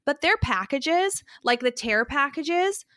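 A woman's voice: sits high, lively intonation, takes it slowly, a bit bright, dry recording, clean studio sound. A woman co-hosting a podcast, ranting lightly in casual chat with a chatty, easygoing manner. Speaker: podcast co-host.

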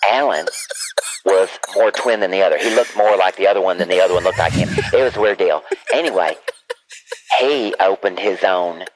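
Man as a low-voiced chatty old auntie, rambling, over a noisy speakerphone. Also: a little fast, lightly acted. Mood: doting, rambling. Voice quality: meandering, gossipy, loses the thread. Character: rambling elderly Southern aunt, chatty and doting. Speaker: caller. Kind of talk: comedic phone-call character bit. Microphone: phone on speaker. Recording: speakerphone call with background noise.

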